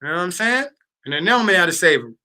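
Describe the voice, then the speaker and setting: A man in his late thirties hosting a casual livestream. His voice sits high and sounds very bright and forceful. He talks loosely with lots of fillers and slang, as if answering viewers' comments. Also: lively intonation, fast talker. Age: 30s. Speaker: livestream host.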